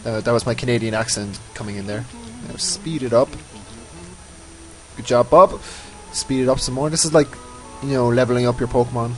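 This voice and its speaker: A man's voice: mid-range voice, steady tone, brisk, darkish tone, faint music behind, poor audio. A man giving casual, rambling commentary over his own gameplay, often mocking himself. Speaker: let's play host.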